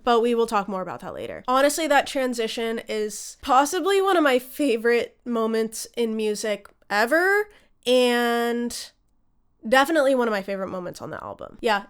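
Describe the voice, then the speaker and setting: A young woman talks to her audience in a relaxed, chatty way, bubbly and enthusiastic, with casual swearing mixed in. Her voice sits a little high and sounds smooth and clean. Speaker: music video creator ranking album songs. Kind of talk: casual talk to camera.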